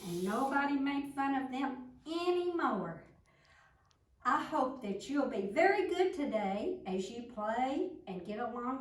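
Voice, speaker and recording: An older woman telling a children's story in a slow, gentle, animated manner, recorded in a roomy space from a distance. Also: a little high. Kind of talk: bedtime-style story reading.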